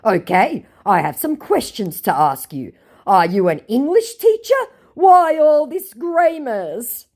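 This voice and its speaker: Woman voicing a bumbling young man scammer, raised, drawn-out delivery, lively lilt. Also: on the high side, pitched above the performer's own voice, heavily acted. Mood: indignant. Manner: slow, halting, broken phrasing. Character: young male online scammer, defensive and muddled.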